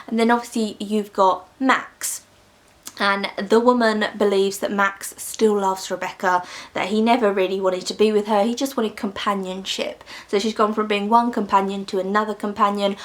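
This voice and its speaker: A woman from the United Kingdom giving an animated, slightly ranty book review in a casual, chatty way, laughing between points. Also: medium pitch, normal speed.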